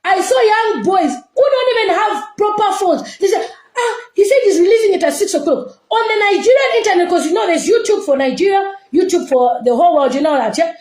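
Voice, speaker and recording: Woman, scolding impassioned rant, very high lively voice, echoey room. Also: a little fast, hardly any pauses. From Zambia. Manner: emphatic, scolding, rhetorical questions. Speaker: online commentator.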